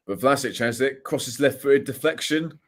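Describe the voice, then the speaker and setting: A man co-hosting a football watchalong, calling the play in a relaxed way with fillers. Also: mid-range voice, normal speed. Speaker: co-host of a live watchalong. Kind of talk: live match commentary and casual chat.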